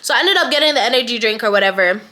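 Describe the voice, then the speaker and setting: A young woman telling a personal story in a chatty, slangy way, full of animated asides. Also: fairly high pitch, rapid-fire. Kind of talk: casual storytime.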